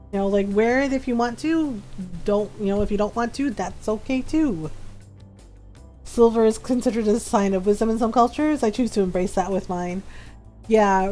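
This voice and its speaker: A woman in her forties streams a game and chats casually as she plays, laughing often and peppering her talk with "like" and "um." Her voice is mid-range and a little mellow.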